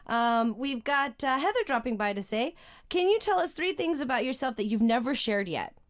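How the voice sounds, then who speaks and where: A woman's voice: on the high side, expressive, moderate pace. Bubbly, giggly woman interviewer. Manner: bubbly, giggly, reacting with gasps and exclamations. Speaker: interviewer reading fan questions. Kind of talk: casual interview chat.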